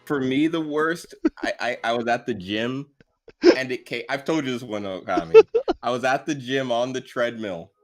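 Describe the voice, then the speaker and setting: A man guesting on a casual roundtable, telling self-mocking stories that trail off low. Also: moderate pace, soft background music. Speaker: guest dungeon master.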